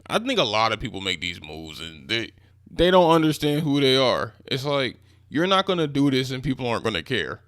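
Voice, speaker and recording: A man's voice: mid-range voice, sing-song, a little fast, fairly bright tone, smooth, dry recording, studio quality. A man co-hosting a podcast in casual chat, laid-back and trailing off often. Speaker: podcast co-host.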